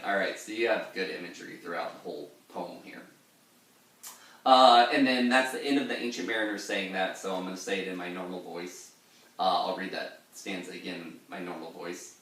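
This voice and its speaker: A man's voice: low voice, a little fast, fairly bright tone. Chatty man explaining a poem, echoey. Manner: chatty and digressive, many "uh" fillers. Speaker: poetry teacher. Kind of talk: casual literary explanation. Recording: very echoey room, far from mic.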